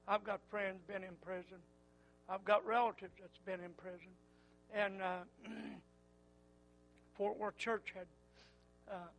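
An older man preaching a sermon, repeating his phrases and swinging from quiet murmurs to loud fervent calls. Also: high voice, creaky, low-quality recording.

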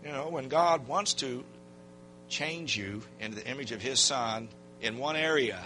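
Folksy older pastor telling stories. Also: male voice, medium pitch, measured pace, slight background noise. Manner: folksy, animated storytelling with acted-out quotes. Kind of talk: storytelling sermon.

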